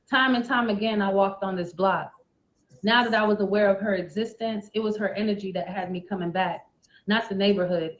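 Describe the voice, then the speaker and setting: A woman recites spoken word poetry with a steady, rhythmic rhyming flow. Her voice sits at an ordinary pitch. The livestream audio comes through dull and lo-fi. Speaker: poet performing on a livestream.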